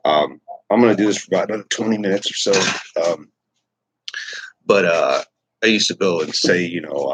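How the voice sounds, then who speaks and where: A man's voice: low voice, fairly quick, slightly rough, dry recording, low-quality recording. A middle-aged man from Texas hosting a casual morning livestream, rambling with many fillers and restarts. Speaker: livestream host.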